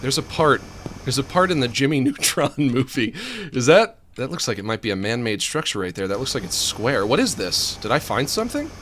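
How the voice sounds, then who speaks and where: A man's voice: medium pitch, sing-song, a little fast, a bit bright, slight background noise. A man rambling casually while playing a game, laughing often and muttering to himself. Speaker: streamer.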